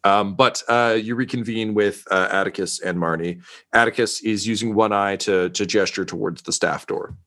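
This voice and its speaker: A man running a tabletop game as game master, narrating haltingly with many fillers. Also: fairly low pitch, fairly even intonation, bright, forceful tone. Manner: halting, full of ums.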